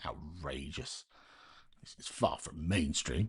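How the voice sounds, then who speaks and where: A deep, slightly husky man chats casually on a late-night live stream, half-muttering to himself as he works. He keeps his voice down at home, and the sound is close and dry. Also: very animated, measured pace, long pauses, dry recording. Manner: talks to himself while working, quiet and muttering.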